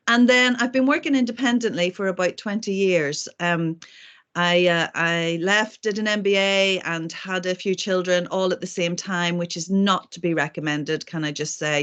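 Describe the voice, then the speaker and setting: Woman presenter on a video call; chatty, self-mocking, fills pauses with ums. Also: medium pitch, a bit bright. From not from Manchester. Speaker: host and speaker.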